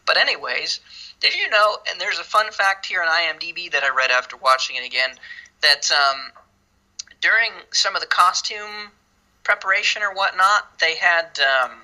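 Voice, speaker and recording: A woman co-host with a dry, sarcastic edge, teasing her partner in relaxed film talk. Her voice sits fairly low yet sounds very bright and sharp. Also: normal speed, poor audio. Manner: dry, sarcastic, self-described cynic. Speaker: podcast co-host. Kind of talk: casual comedic film chat.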